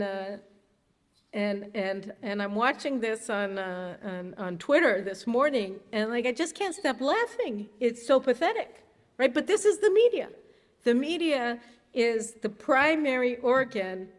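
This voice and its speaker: A woman speaks to a crowd from a stage, and her fairly high voice rings out with a long reverb tail in a large hall. She talks in an animated, sarcastic way, stumbling into restarts and then driving her points home with rising indignation. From United States. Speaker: guest speaker. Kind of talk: public talk. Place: synagogue hall.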